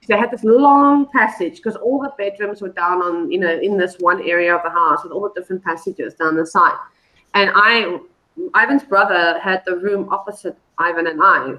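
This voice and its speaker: A woman's voice: medium pitch, sharp tone, low-quality recording. Rambling woman telling a story. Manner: rambling, with many fillers and restarts. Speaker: guest. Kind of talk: casual storytelling. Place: live online show.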